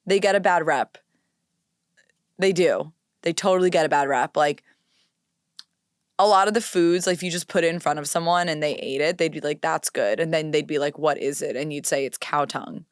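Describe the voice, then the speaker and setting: A woman's voice: sits low, smooth, dry recording, studio quality. A woman in her twenties hosting a solo podcast in casual, chatty talk, dramatic and self-mocking. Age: 20s. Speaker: podcast host.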